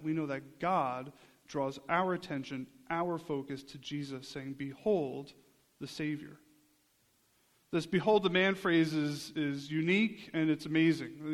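A man preaching a sermon in an earnest, conversational way, often checking in with his listeners. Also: on the high side. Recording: long hall reverb.

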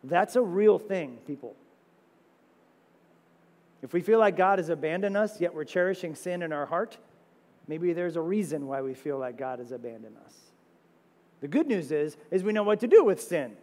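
A man preaching a sermon as pastor, animated, firing off rhetorical questions with sudden loud high exclamations. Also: normal speed, long pauses. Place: church sanctuary. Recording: long reverb of a church sanctuary.

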